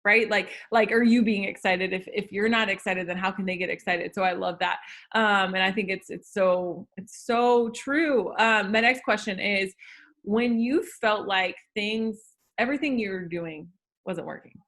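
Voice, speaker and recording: A woman's voice: medium pitch, a little slow, a bit bright. Upbeat woman host gushing over her guest, normal mid voice. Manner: enthusiastic, praising, visual metaphors. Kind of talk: interview chat.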